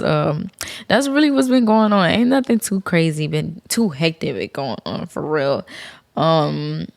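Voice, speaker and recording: Low gravelly young woman podcaster. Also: no echo, clean studio sound. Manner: slangy, profane, chatty, addresses listeners as y'all. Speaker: podcast host. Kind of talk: casual solo podcast chat.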